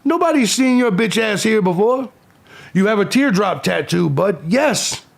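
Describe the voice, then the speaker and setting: A man's voice: high voice, lively intonation, measured pace, creaky. A man in his forties hosting a live stream, reading viewers' comments aloud and firing back at trolls in a combative, profane way. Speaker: livestream host.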